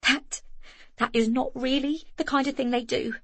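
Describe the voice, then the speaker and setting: A woman's voice: sits high, slow pace, vocal fry, no room sound, pitched above the performer's own voice, heavily acted. Woman voicing a frantic young mother. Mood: desperate. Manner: breathless, shaky, rising to shouts. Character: frantic young mother searching for her son.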